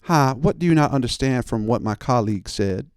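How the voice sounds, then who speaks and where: A man's voice: mid-range voice, animated, a little fast, darkish tone, smooth, no room sound, studio quality, natural voice. A man voicing a brusque, sassy woman jail clerk who talks in a bored customer-service drawl. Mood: curt, dismissive.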